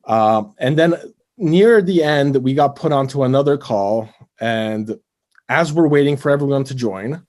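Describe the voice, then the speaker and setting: A man's voice: medium pitch, darkish tone. A man co-hosting a podcast, trading stories and questioning things in casual chat. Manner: quizzical, argumentative banter. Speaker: podcast co-host.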